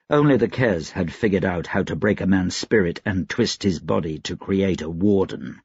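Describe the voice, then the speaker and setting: Brief: male audiobook narrator, husky gravelly low voice, measured read, dry dull recording. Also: a little mellow, no echo. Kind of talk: scripted narration.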